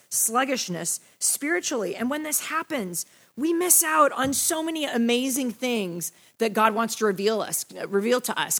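A woman's voice: fairly high pitch, fairly bright tone. A young woman teaching a Bible study lesson in a casual, conversational way, often checking in with her listeners. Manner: conversational, frequent "right?" and "you know".

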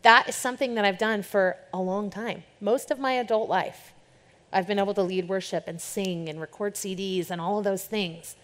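A woman's voice: medium pitch, steady tone, moderate pace, fairly bright tone. Chatty woman worship leader in a reverberant hall. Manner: chatty and candid, shifts into playful quoted voices. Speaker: worship leader speaking to a group. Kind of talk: informal talk to a church group. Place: church or event hall with an audience.

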